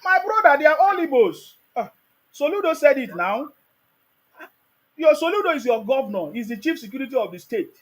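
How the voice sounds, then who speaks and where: A man with a Nigerian accent hosting a heated live call-in debate, combative and repeating his demands insistently. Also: extremely high pitch. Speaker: host of a live call-in stream.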